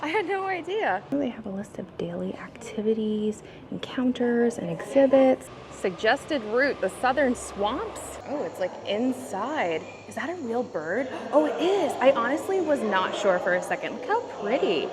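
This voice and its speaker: A woman vlogging casually as she walks through a theme park and zoo, chatty and excitable, often gasping and exclaiming. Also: medium pitch, moderate pace. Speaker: travel vlogger. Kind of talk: casual vlog walk-through. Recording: outdoor ambient noise.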